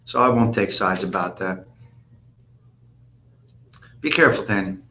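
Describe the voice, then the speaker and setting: A man's voice: lowish voice, unhurried, pushed and bright. Blunt, profane man chatting on a live stream. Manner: blunt, profane, rambling street talk. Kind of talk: casual live-stream chat reading comments.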